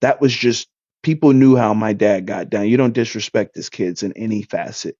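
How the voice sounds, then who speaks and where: A young man in his twenties, co-hosting a podcast and telling a story in a loose, profane, animated way. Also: lowish voice, normal speed, no room sound. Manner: animated, profane, swings his voice up when excited. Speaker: podcast co-host. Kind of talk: casual storytelling. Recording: dull, dry lo-fi sound.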